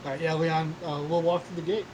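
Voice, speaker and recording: A man playing a tabletop game, quick and offhand as he says what his character does. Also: on the high side, flat delivery, darkish tone, a little hiss or hum, poor audio. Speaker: player. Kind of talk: casual tabletop play.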